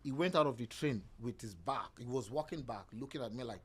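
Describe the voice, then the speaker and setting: Animated man telling a story. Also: mid-range voice, a little fast, crowd noise. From Nigeria. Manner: animated, acts out other people's lines in quoted voices. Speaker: podcast guest, real estate agent. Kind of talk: casual storytelling conversation.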